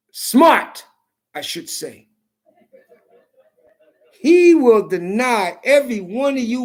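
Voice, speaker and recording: A woman vlogger delivering an angry, profane political rant to camera, taunting and repeating herself, rising to shouts at times. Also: on the high side. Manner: profane, confrontational, repetitive taunting.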